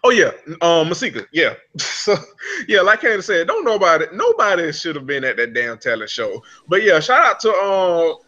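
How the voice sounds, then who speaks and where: Bright-voiced man chatting in a lo-fi recording. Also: high-pitched, big pitch swings, moderate pace. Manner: rambling, profane, laughs a lot. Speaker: podcast co-host. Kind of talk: casual reality-TV recap chat.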